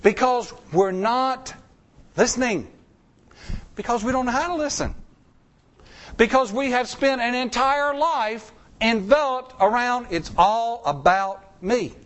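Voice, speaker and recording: A man with a fairly high voice delivers a sermon as the pastor. He talks in a folksy, conversational way, swinging his pitch up and down as he makes his points. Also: a little slow, pauses often, fairly bright tone.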